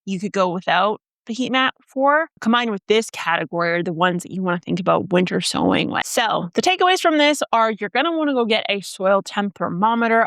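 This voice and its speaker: A Canadian woman hosts a gardening channel, talking to camera with casual, chatty instruction, listing items and tossing in joking asides. Her mid-range voice is a bit bright, recorded with clean studio sound and no room noise.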